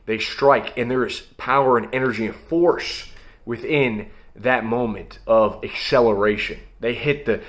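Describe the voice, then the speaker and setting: A young man giving a blunt, emphatic motivational monologue as host of his own video channel, coaching listeners directly. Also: lowish voice.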